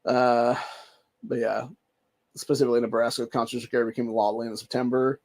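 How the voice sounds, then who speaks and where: A man's voice: mid-range voice, little pitch movement, fast talker, darkish tone. A young man from Ohio hosting a show, reading news aloud and ranting heatedly with constant profanity and "dude.". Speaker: show host.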